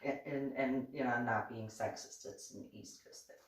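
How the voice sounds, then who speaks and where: A woman's voice: rumbling low, moderate pace, roomy sound, far from the mic, a little hiss or hum. A woman telling a casual story, acting out both sides of the conversation with lots of laughter and restarts. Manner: animated, acts out both sides of dialogue, laughs often, many restarts. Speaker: reverend reading and commenting on her diving memoir.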